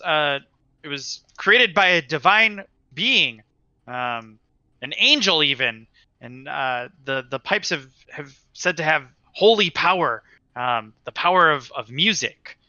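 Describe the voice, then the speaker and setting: A man's voice: a little high, expressive, measured pace, bright, forceful tone, no echo, muffled recording, heavily acted. A man voicing a frightened young male human guard who stammers and pleads nervously. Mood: rambling.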